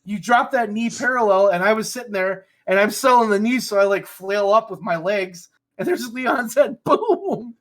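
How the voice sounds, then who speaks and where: A man co-hosting a casual podcast chat, who swears freely and laughs through animated stories. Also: high-pitched, moderate pace, few pauses. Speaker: podcast co-host.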